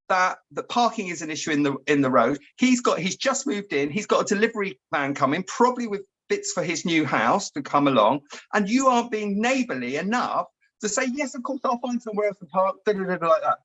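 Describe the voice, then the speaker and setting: A man co-hosting a relaxed chat. He tells stories in a rambling way and gets animated when he acts out what he said. His voice sits a little high for a man. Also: a little fast. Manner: chatty storyteller, animated when acting out his own outbursts. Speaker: co-host. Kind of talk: casual chat.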